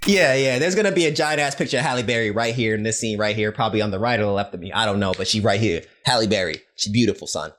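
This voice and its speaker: A man's voice: lowish voice, rapid-fire, few pauses, a bit bright. Slangy joking young man recapping a movie. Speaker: host.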